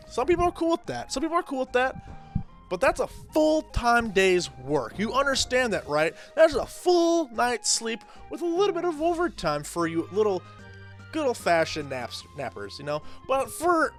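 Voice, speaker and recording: A man's voice: extremely high pitch, wildly swooping pitch, moderate pace, fairly bright tone, faint music behind. A man hosting and commenting on role-play stories in casual, emphatic talk, repeating himself for effect.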